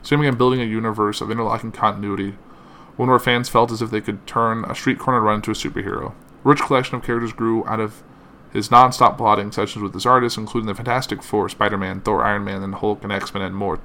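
A man reading a statement and a series of tributes aloud, halting often with fillers and stumbles, and saying it is hard to keep going. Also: on the low side, bright, forceful tone, a little hiss or hum. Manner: halting, with frequent uh fillers and self-corrections. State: emotional, finding it hard to continue.

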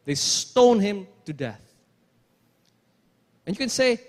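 A man's voice: high-pitched, expressive, takes it slowly. A man preaching a sermon, emphatic, repeating phrases and asking rhetorical questions. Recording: long hall reverb.

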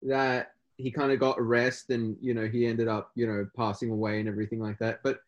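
A young man, talking haltingly with many restarts in casual podcast chat. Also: medium pitch, level tone, highs cut off. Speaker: podcast co-host.

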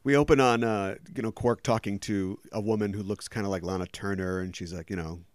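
Male podcast host, lowish pitch, dry close sound, chatty and explanatory. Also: steady tone, fairly quick, no echo. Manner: talkative, explains background at length. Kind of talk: casual podcast chat.

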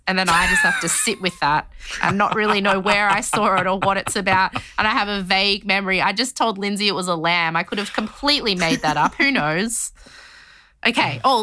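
A woman co-hosting a podcast, chatting casually and telling stories in an animated way. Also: mid-range voice, no echo. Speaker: podcast co-host. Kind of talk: casual chat, storytelling.

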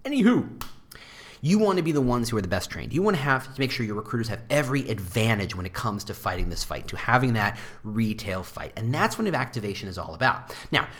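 A man hosting a casual talk show, speaking with wry asides and jumping into high mock voices when quoting people. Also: fast. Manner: animated, jumps into high mock voices for quotes; wry asides, self-deprecating. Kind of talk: casual monologue on employer branding.

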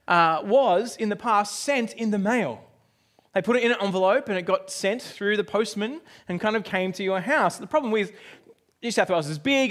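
Aussie guy in his 40s preaching, high-pitched, tells stories and acts them out. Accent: Australian. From Australia. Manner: animated storytelling, acts out his own reactions. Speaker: pastor. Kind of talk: sermon with personal story.

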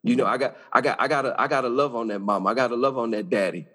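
A man's voice: mid-range voice, very fast, fairly bright tone. A man who serves as a judge, speaking as a podcast guest. He talks earnestly and conversationally, often repeating words and restarting phrases as he builds an idea.

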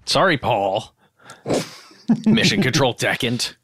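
A man co-hosting a podcast in casual chat, jokey, with quick asides. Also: mid-range voice, big pitch swings, a bit bright, husky, no echo. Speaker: podcast co-host.

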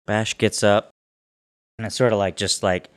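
A man's voice: on the low side, flat delivery, moderate pace, fairly bright tone. A man playing a tabletop game, describing his character's actions in a rambling way. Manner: rambling, full of "like". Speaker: player. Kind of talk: casual chat at a game table.

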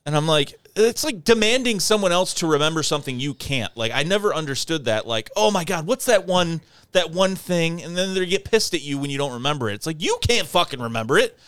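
A man from telling a casual, profane story on a podcast, acting out his friend's angry yelling. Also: fairly high pitch, lively intonation, fast talker, few pauses, clear, resonant tone, no room sound.

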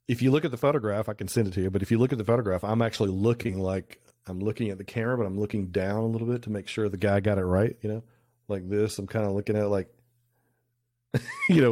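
This middle-aged photographer, appearing on a podcast over a remote call, wanders through anecdotes and keeps restarting in a relaxed interview. His voice sits on the low side and sounds mellow. The recording is studio quality with no room sound.

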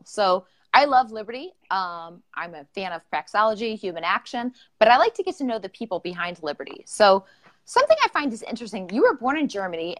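A woman hosting an informal live-streamed podcast interview over a video call, chatty and bubbly with lots of fillers. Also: mid-range voice. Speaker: podcast host.

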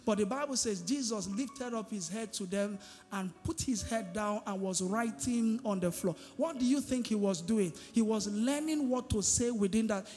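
High-voiced pastor preaching in a hall. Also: male voice, darkish tone. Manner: call-and-response preaching, asking the congregation "what?". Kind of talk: sermon. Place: church hall. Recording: reverberant hall with music behind.

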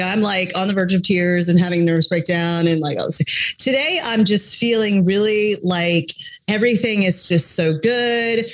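A woman's voice: medium pitch, rough recording. A woman co-hosting a podcast in casual chat, chatty and full of filler words. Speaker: podcast co-host.

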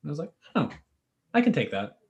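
A man co-hosting a comedy podcast, talking in a measured, thoughtful way. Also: fairly high pitch, sing-song, vocal fry. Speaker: podcast co-host. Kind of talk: casual podcast chat.

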